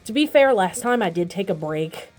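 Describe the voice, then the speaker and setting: A woman's voice: medium pitch, animated, moderate pace, a little mellow. A young woman vlogging casually about her fitness test, chatty and rambling, coughing and out of breath. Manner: chatty, rambling, self-deprecating.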